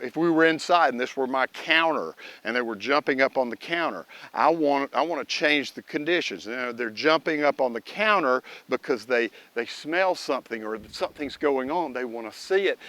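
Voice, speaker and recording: A man's voice: medium pitch, normal speed, few pauses, a bit bright. A man and dog trainer giving a casual lesson, talking to his dog as he teaches. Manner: folksy, talks directly to his dog while teaching. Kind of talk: casual instructional video.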